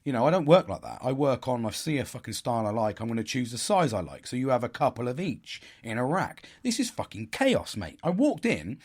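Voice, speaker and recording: A man telling a story in a casual, animated way. He swears a lot and laughs at himself. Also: medium pitch, a little fast, few pauses, slightly rough. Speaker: podcast host.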